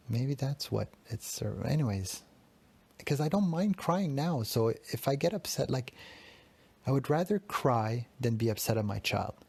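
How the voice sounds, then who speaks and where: A man's voice: medium pitch, darkish tone, breathy edge. A man in his thirties hosting a solo confessional podcast, talking in a raw, self-critical way and swearing often. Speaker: podcast host.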